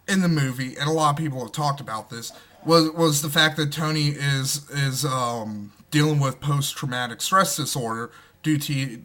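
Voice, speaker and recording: A fired-up man rants through a movie review, cursing constantly and jumping between grumbling asides and loud exasperated bursts. His voice sits high for a man and sounds very bright and sharp. The delivery is loose, casual and unscripted. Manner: profane, excitable, swings from muttering to shouting.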